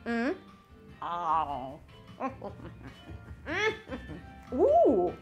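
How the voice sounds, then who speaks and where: Lively, chatty woman streaming. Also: on the low side, drawn-out words, highs cut off, faint music behind. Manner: chatty, reads chat aloud, animated exclamations. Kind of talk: casual live-stream chat while tasting food.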